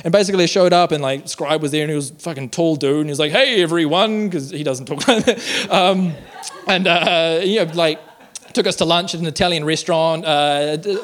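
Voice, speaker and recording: A young man tells a rambling, self-deprecating story on stage into a handheld mic. His voice sits a little high, and he swears freely. He fills his sentences with ums and uhs. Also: a little fast. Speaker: stand-up comedian. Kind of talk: stand-up storytelling. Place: comedy venue with audience. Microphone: handheld microphone.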